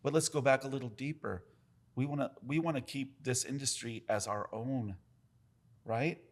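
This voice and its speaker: A man's voice: mid-range voice, normal speed. A man, a tattoo artist talking bluntly and swearing as he tells stories on a casual podcast. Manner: blunt, swears often, animated storytelling.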